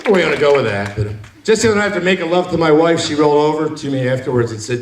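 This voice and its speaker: A man's voice: fairly high pitch, lively intonation, racing. A man in his forties doing a stand-up set at a bar, joking and teasing the crowd. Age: 40s. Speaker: stand-up comedian. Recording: echoey hall, mic from far, crowd.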